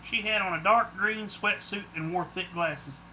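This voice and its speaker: A man reads his own book aloud as plain first-person audiobook narration. His voice is high and very bright, with a sharp edge. The storytelling is steady and unadorned. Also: measured pace, a little hiss or hum.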